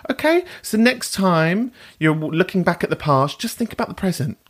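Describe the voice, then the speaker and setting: A man's voice: high voice, lively intonation, moderate pace, a bit bright. A man hosting a podcast in casual chat, cheeky and sweary, laughing often. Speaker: podcast host.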